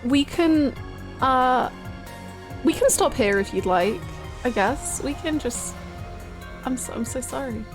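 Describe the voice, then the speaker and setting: A young Australian woman chatting casually with viewers on a live stream, bubbly and quick to laugh. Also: high-pitched, expressive, music in the background.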